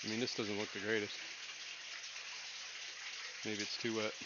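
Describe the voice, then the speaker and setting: A laid-back man talks casually on a livestream from his home fish room, wandering through his thoughts with plenty of fillers. The stream audio is dull and lo-fi, with a clear layer of room noise behind him. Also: on the low side, level tone, unhurried. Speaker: livestream co-host.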